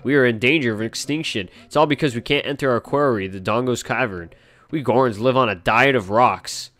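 A man's voice: medium pitch, a little fast, fairly bright tone, close to an everyday voice. A man reading out the lines of a hungry, mournful male rock-eating creature from a video game. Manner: reads game text aloud in a slightly raised voice.

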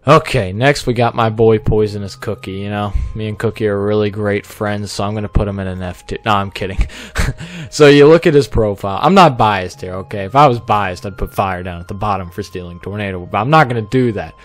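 A man's voice: on the low side, a little fast. A man giving casual off-the-cuff commentary as he ranks fellow YouTubers, joking, stammering through restarts and tagging lines with "okay?". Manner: rambling, joking, repeats "okay?" often. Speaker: YouTuber ranking fellow creators.

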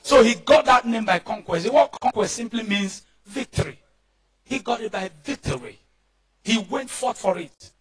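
Nigerian male pastor, fervent sermon, very high voice, calls for answers. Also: lively intonation, normal speed. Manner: fervent preaching, often shouting and calling for responses.

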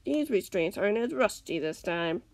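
A woman reading aloud, voicing a cold, scheming male villain who speaks calmly and menacingly. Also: mid-range voice, normal speed, no echo. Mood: cold taunting. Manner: calm, menacing, sometimes whispered.

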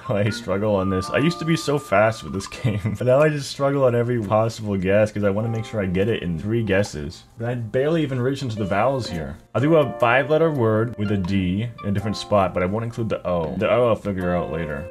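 Low-voiced man muttering word guesses. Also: animated, fairly quick. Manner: mutters half-words and guesses, laughs often. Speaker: gaming YouTuber. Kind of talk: thinking aloud while playing a word game. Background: music.

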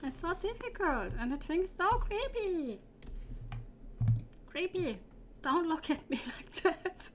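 Very high-voiced, jittery woman gamer. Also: very animated, slow pace, pauses often, background noise. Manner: nervous, squealing and laughing, repeated panicked no's. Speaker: let's play gamer. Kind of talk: horror game commentary. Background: game music.

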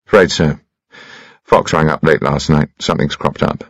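A man's voice: very deep voice, steady tone, moderate pace, no echo. A man reading an audiobook, voicing a dry, laconic detective teasing his mother. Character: dry, teasing detective son, middle-aged. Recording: dry, slightly dull lo-fi.

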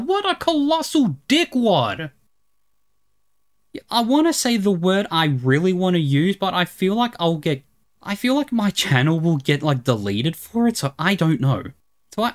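A woman giving let's play commentary, ranting and swearing at enemies in exasperation. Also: medium pitch. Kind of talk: gameplay commentary.

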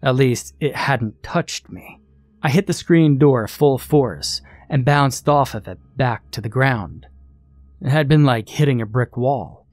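A man's voice: mid-range voice, darkish tone, no room sound. Man narrating a creepy story, dry sound. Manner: measured, suspenseful storytelling. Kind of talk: scripted horror story narration.

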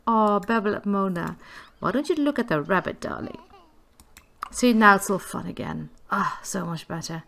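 A woman's voice: medium pitch, lively intonation, moderate pace, gravelly, fairly bright tone, a little hiss or hum. A woman giving casual gameplay commentary, chatty and giggly, cooing affectionately at the characters on screen. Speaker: gameplay video creator.

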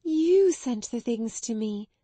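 A woman lifts her voice into a tender young storybook girl, high and eager. She speaks in a soft, dark-toned voice with breathless wonder. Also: unhurried, no room sound. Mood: joyful.

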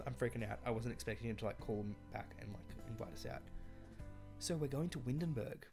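A woman's voice: extremely low pitch, fairly quick, mellow, soft background music. A woman giving casual, wry let's-play commentary, chatting to the game characters as she plays. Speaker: gameplay commentator.

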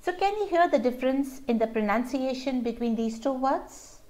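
A woman teaching an English vocabulary lesson, explaining word pairs slowly and carefully and stressing syllables to show how they sound. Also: high voice, animated, dark tone. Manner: slow and deliberate, stressing syllables to show pronunciation.

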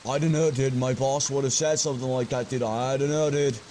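A man's voice: mid-range voice, fairly even intonation, brisk, warm tone, a little hiss or hum, lightly acted, low-quality recording. A man voicing a dim, laid-back young pizza delivery guy who keeps saying dude, with rain faintly behind. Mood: clueless. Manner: vague, filler-heavy, keeps saying dude.

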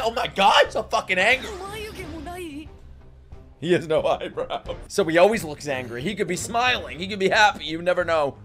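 Young man, reaction streamer, excitable, shouts and swears, wide-ranging pitch. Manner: excitable, yelling and swearing at big moments. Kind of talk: live reaction commentary. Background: faint anime soundtrack playing.

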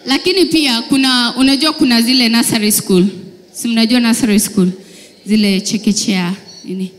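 A woman doing stand-up comedy in an animated, teasing way, mixing in English phrases. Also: fairly high pitch, moderate pace, in a large hall.

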